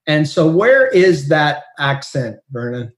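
A man's voice: on the high side, very animated, slow pace, a bit bright. A man co-hosting a podcast, upbeat and dryly joking. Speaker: podcast co-host. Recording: echoey room.

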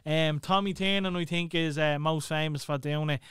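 A man's voice: fairly high pitch, fairly even intonation, moderate pace, fairly bright tone, smooth, no echo. An Irish man hosting a podcast in a studio, loose, bantering and swearing. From Ireland. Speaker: podcast host. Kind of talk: casual podcast chat.

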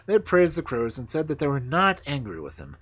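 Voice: medium pitch, wildly swooping pitch, a little fast, a bit bright, breathy edge. A storyteller reading fairy tales aloud on a livestream, switching into voices for the characters.

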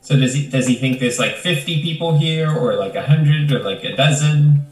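A man's voice: fairly high pitch, normal speed, soft background music. A man playing a streamed tabletop game, asking questions in a casual way. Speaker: player. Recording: distant, echoey mic with faint noise.

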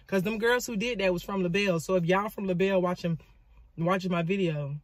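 Woman vlogger; lively, dramatic storytelling with asides; dry, close recording. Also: lowish voice, fairly quick, dry recording. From Florida, US. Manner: animated, dramatic retelling with lots of asides. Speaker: vlogger and motivational speaker. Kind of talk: storytelling vlog.

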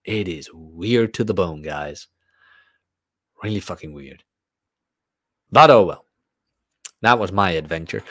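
A man's voice: sits low, animated, slow, long pauses, a bit bright, no echo, studio quality. A man hosting a podcast, talking in a casual, blunt and profane monologue. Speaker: podcast host.

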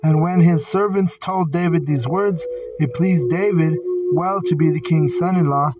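A man with a slightly high voice gives a casual Bible study. He reads verses aloud and then comments bluntly, with swearing. He sounds distant from the mic, with clear singing bowl music behind him. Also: unhurried. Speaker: Bible teacher.

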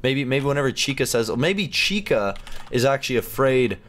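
A man hosting a gaming channel, chatting and reacting excitedly as he plays through a game. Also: medium pitch, moderate pace. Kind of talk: let's play commentary.

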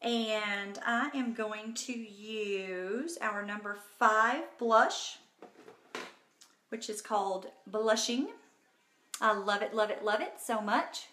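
A woman's voice: mid-range voice, slow, bright, forceful tone, reverberant. A woman hosting a casual live makeup tutorial from home, chatty and bubbly, talking to viewers by name. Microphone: phone.

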